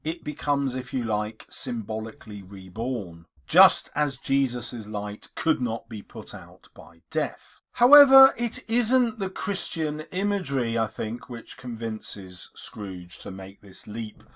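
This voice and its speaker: A man teaches a literature lesson with emphatic, expressive delivery. His pitch swings widely, climbing on key points and dropping low at the ends of sentences. The voice sits at a middle pitch for a man. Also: slow pace, few pauses. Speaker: English teacher.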